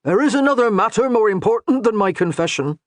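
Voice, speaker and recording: A man's voice: high voice, animated, fast talker, no room sound, studio quality, pitched above the performer's own voice. A man voicing a harried but patient castle steward in a medieval audiobook. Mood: earnest. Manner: earnest, strained patience.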